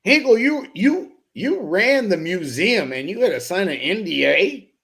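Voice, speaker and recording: Gravelly joking man hosting a live chat. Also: sits high, sing-song, unhurried, a bit bright. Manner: joking, profane, laughs often; loose and teasing with chatters by name. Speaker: host of a BMX live show. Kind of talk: casual live-stream chat, reading viewer comments.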